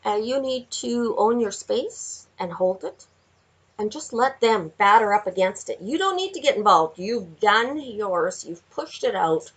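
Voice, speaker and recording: A woman giving a chatty tarot card reading, laughing often and talking to viewers in animated asides. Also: medium pitch, a little slow, breathy edge, poor audio. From Canada. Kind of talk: casual tarot reading vlog. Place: home with window view.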